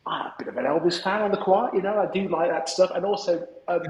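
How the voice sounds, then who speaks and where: A man's voice: sits high, a little fast, reverberant, dull audio. A man hosting a business podcast, chatting casually and cheering on his guest. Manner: enthusiastic, affirming interjections. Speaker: podcast host. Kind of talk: casual interview chat.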